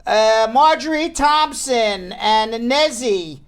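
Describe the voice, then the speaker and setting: A man's voice: very high voice, expressive, slow pace, clean tone. A man in his forties hosting a live talk show, joking and chatting casually as he reads out viewer names. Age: 40s. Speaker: talk show host and lawyer.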